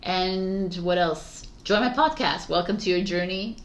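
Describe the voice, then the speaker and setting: A woman with a slightly low voice reading tarot for her viewers, rambling and chuckling as she goes. She talks in a casual, spiritual way. Soft music plays faintly underneath. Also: a little slow. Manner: warm, spiritual, laughs often, rambling. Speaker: tarot reader.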